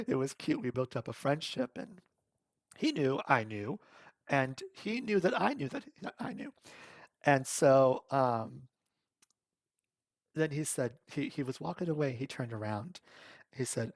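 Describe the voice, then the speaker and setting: A man's voice: medium pitch, slow pace, pauses often, no room sound. A man hosting a podcast, telling a story in a casual monologue, laughing often and acting out the people he quotes. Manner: animated, laughs often, acts out quoted voices. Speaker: podcast host.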